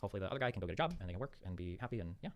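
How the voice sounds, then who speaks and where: A man's voice: deep voice, lively intonation. A man in a casual monologue, recounting an argument and acting out both sides, with lots of "like" and "um.". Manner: rapid rambling retelling, acting out both sides, full of "like" and "um".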